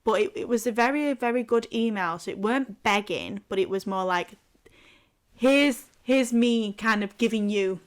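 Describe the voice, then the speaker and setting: A woman's voice: on the high side, moderate pace. A young woman, co-hosting a podcast, telling a long story in a rambling way with lots of "like" and casual swearing. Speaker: podcast co-host. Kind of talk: casual chat.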